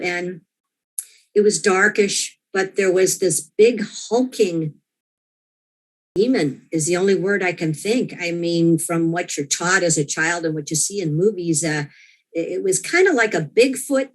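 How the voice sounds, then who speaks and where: A woman as an interview guest, earnestly recounting a personal experience, often restarting and quoting her own thoughts. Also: medium pitch. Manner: earnest, with frequent restarts and quoted inner thoughts.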